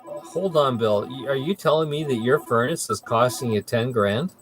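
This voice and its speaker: A man hosts an amateur radio net in relaxed, chatty talk. He drifts along with plenty of uhs, sitting at a middle pitch. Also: moderate pace, heavy background noise. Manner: easygoing, chatty, frequent uhs. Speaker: net control host of a ham radio net. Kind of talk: casual radio chat.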